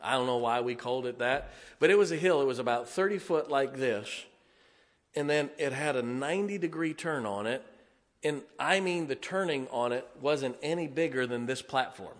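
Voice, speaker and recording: A man's voice: mid-range voice, moderate pace. Preacher guy telling a story, folksy and self-mocking, big echoey church hall. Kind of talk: storytelling sermon. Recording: long reverb of a large hall.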